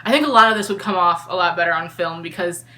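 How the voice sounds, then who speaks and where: A woman's voice: on the low side, quick pace, bright, forceful tone. A woman giving an exasperated, opinionated review of a book in a casual vlog.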